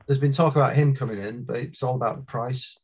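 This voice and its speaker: Measured man talking football. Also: mid-range voice, steady tone, a little mellow, slightly rough. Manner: measured, thoughtful, lots of "um". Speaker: football podcast guest, Liverpool fan. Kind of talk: casual chat.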